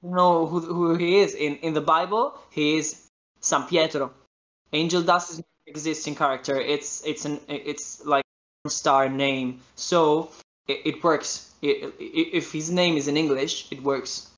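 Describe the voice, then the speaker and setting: A man's voice: fairly high pitch, steady tone, measured pace, fairly bright tone. A man from Italy with an Italian accent, a voice actor guest in a casual interview, talking animatedly and often searching for the right English word.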